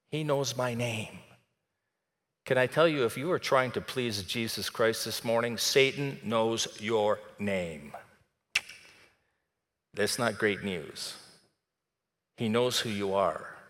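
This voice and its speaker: A man preaching a sermon in a conversational way, dropping soft and then rising to emphatic. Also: medium pitch, slow pace, long pauses, big-room sound. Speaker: pastor.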